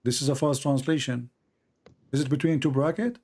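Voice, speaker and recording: A man hosting a live-streamed religious debate, arguing and pressing his caller with repeated questions, reading passages slowly. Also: medium pitch, steady tone, a little mellow. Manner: reads quoted passages slowly and deliberately.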